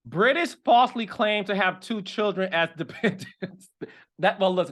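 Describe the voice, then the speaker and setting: A man's voice: normal speed, fairly bright tone. A man hosting a reality TV gossip commentary, dramatic and sassy, talking straight to his viewers. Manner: dramatic, sassy, addresses viewers directly, leaps to high exclamations. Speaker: host of a reality TV gossip show. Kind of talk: animated casual commentary.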